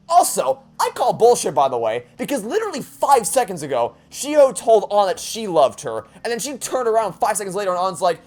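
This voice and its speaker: Stammering let's play host, exasperated and swearing, pitch leaps all over, soft game music behind. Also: sing-song, brisk, few pauses. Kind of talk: emotional let's play commentary.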